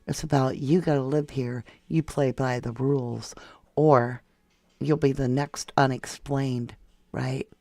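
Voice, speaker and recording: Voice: medium pitch, steady tone, unhurried, mellow, no echo. A true crime livestream host talking casually and sarcastically, reading out viewer comments and answering them. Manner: chatty, sarcastic, reads viewer comments aloud. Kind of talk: casual live-chat commentary.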